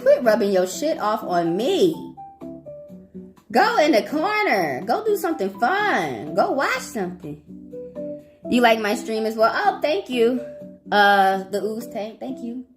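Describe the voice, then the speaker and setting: A young woman with a fairly high, lively voice that swings up and down as she reads tarot cards live. She talks in a loose, rambling way, full of cursing and asides. Guitar music plays clearly behind her. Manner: profane, animated, rambling. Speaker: tarot reader. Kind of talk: casual livestream tarot reading.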